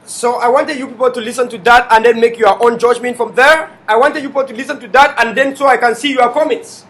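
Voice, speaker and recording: A man hosting an online TV show, addressing viewers in an emphatic, repetitive way with bursts of shouting. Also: very high-pitched, fairly even intonation, fast talker. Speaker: online TV host. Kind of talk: impassioned livestream address.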